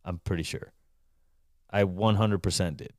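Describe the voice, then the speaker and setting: A man's voice: sits low, steady tone, moderate pace, darkish tone, no room sound, clean studio sound. A man who is a chef hosting a live call-in show, telling a kitchen story in casual, profane, emphatic talk and often asking "right?".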